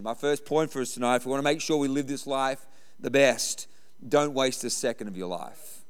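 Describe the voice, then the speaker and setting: A man's voice: medium pitch, normal speed, smooth, big-room sound. A middle-aged man preaching a sermon, telling stories and hammering points with repetition. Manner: storytelling, emphatic repetition. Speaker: pastor.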